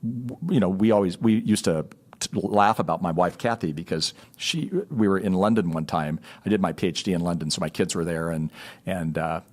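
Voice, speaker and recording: A middle-aged man, a guest on a marriage podcast, telling stories in an animated, self-deprecating way. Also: low-pitched, fairly quick. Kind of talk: storytelling in a podcast conversation.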